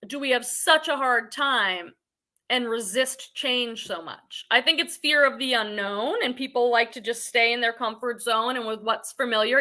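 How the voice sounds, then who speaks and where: A woman's voice: fairly high pitch, bright, forceful tone. A woman hosting a casual reselling livestream from her living room, chatty and rambling, greeting viewers by name. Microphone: computer webcam on livestream.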